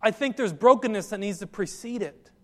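A man's voice: high voice, fairly quick, fairly bright tone, in a large hall. A man preaching a sermon as pastor, earnest and direct, often putting questions to his listeners.

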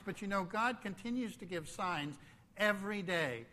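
Male pastor, high voice, slow emphatic sermon, long reverb. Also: expressive. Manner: preaching with slow emphatic phrases and sudden drops to quiet.

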